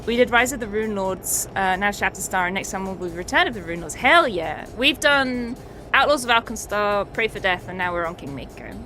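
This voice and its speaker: Woman, streamer, casual chatty recap, laughs and swears, sharp bright tone, soft music underneath. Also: mid-range voice, lively intonation, fairly quick. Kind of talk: casual chat recapping a tabletop campaign.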